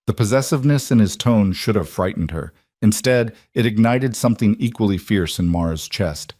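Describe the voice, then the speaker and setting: A man narrating a scripted story in a measured, dramatic way. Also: lowish voice, animated, darkish tone, no room sound, studio quality.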